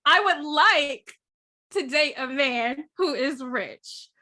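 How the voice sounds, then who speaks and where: Bright, lively woman guest. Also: high-pitched, extremely slow. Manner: animated, laughs often. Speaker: guest, dating podcast host. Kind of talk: casual podcast chat.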